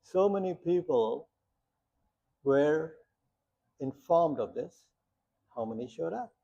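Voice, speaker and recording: A man's voice: on the high side, expressive, takes it slowly, gravelly, mellow, husky. A man teaching a meditation class, talking plainly with lots of rhetorical questions and short stories. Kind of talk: guiding a meditation talk. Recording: muffled lo-fi sound.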